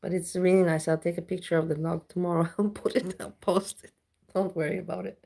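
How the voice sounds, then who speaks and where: A woman's voice: on the low side, flat delivery, a little fast, vocal fry, warm tone. A woman chatting casually with viewers on a live stream, blunt and ranting, reading the chat aloud.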